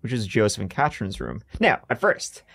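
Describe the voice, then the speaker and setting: A young man narrates a true-crime story on a podcast with a very lively voice that climbs and dips as he goes. He keeps it casual and jokey, riffing on his own story as he tells it. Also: lowish voice, fairly quick, vocal fry, slightly rough.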